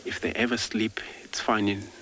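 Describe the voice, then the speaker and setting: A low-pitched male safari guide talks viewers through a live game drive. His delivery is relaxed and chatty, peppered with filler words. Faint outdoor ambience sits quietly behind him. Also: normal speed, slight background noise. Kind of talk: live wildlife commentary.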